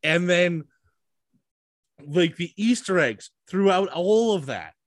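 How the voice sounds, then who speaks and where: Podcast co-host, male, slightly high voice, excitable and profane, dry close sound. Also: slow pace, no echo. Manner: excitable, many fillers and swearing. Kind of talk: casual chat.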